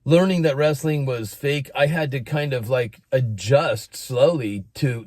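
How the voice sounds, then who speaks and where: A middle-aged American man telling a personal story in a casual monologue, animated and expressive. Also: medium pitch, a little slow, few pauses, no echo. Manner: animated, breaks into announcer-style shouting when quoting.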